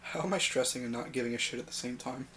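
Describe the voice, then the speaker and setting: A man's voice: medium pitch, fast, bright, forceful tone, a little hiss or hum. A man co-hosting a casual podcast, chiming in with dry wisecracks and laughter. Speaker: podcast co-host. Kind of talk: casual chat.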